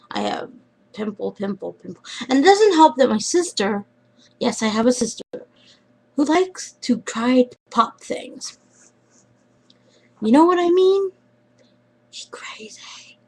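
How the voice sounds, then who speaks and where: A young woman chatting casually in a vlog, rambling and trailing off, often dropping into quiet mumbles. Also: mid-range voice, gravelly, rough recording. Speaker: vlogger.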